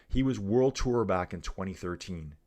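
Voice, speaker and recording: Chatty low-voiced man commenting on a bike race. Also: normal speed. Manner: energetic, chatty, calls viewers dudes and guys. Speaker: cycling live commentator. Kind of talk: casual live race commentary and chat.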